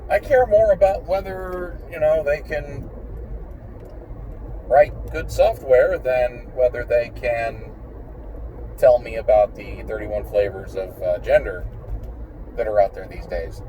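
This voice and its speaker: Blunt opinionated guy ranting while driving, mellow low-key voice, mic a bit far off, faint car hum. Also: expressive, a little slow, pauses often. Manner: blunt, opinionated, swears freely. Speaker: vlogger. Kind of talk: casual rambling monologue while driving. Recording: distant mic in a car, faint engine noise.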